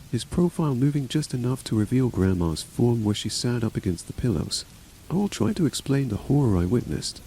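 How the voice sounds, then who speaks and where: A man's voice: medium pitch, warm tone, slight background noise, low-quality recording. A man narrating a horror story as a scripted reading, voicing every character himself.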